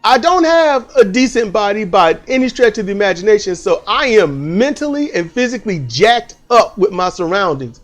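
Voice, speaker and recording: A man tells a dream story at home in a high, very lively voice that jumps all over his range. He talks casually and swears freely. Faint music plays underneath. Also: normal speed, hardly any pauses. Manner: animated, swearing, acts out voices. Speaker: channel host.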